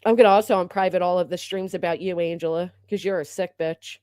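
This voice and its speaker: A woman's voice: lowish voice, fairly even intonation, fast, darkish tone, no echo, studio quality. A woman hosting a livestream, delivering an upset and indignant rant full of profanity. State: upset and agitated. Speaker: livestream host.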